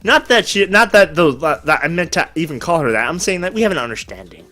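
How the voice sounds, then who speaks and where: A man hosting a casual chat, rambling through stories with crude humor. His voice sits high and bright and swings widely in pitch. Faint music plays in the background. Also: fast. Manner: animated storyteller, rambling, crude jokes. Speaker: podcast host.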